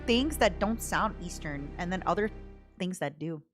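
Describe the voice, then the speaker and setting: A woman's voice: on the low side, lively intonation, normal speed, over music. A young woman streaming a game, chatting and giggling in a playful, casual way. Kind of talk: casual gameplay commentary.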